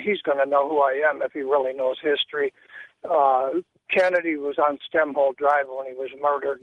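A man's voice: mid-range voice, no room sound. An older man calling in to a radio show, talking in a rambling, hesitant way and jumping between claims. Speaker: caller. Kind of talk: phone-in conversation. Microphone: telephone. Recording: muffled phone-in line.

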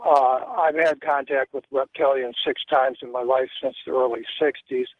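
A man's voice: mid-range voice, fairly even intonation, normal speed. An older man calling in to a radio show, talking in a rambling, hesitant way and jumping between claims. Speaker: caller. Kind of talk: phone-in conversation. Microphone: telephone. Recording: muffled phone-in line.

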